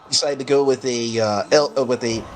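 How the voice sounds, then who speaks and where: A man hosting a gaming stream, chatting casually with friends and breaking into excited play-by-play of the match. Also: medium pitch, fairly quick, slight background noise. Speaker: streamer and host. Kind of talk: casual gameplay chat and commentary.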